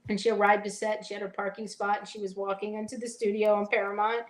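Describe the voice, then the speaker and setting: A woman in her forties, an actress appearing as a guest in a casual interview, tells stories fast and chattily, peppering them with "like" and acting out what people said. Her medium-pitched voice moves little, and the recording is rough.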